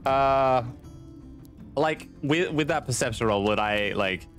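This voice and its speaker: A man's voice: mid-range voice, slow pace, fairly bright tone, faint music behind. A man playing a tabletop game, rambling through his plan with many fillers. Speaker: player.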